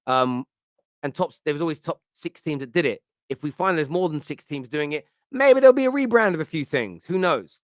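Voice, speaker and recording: A chatty man in his thirties hosts a casual football talk show, rambling and joking with plenty of ums. His voice sits a little high for a man. The sound is dry and close, with no room echo. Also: animated, brisk. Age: 30s. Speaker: host.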